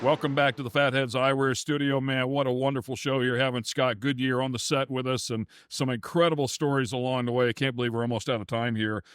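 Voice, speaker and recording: A man hosting a casual motorsport interview show in a relaxed, friendly way. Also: medium pitch, fast, hardly any pauses, clear, resonant tone, dry recording, faint music behind. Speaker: talk show host.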